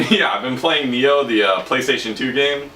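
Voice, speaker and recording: A man hosting a podcast in casual chat, teasing and chatty, quick to laugh. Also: medium pitch, bright, forceful tone, recorded from a distance. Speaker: podcast host. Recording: echoey room, off-mic, faint hiss.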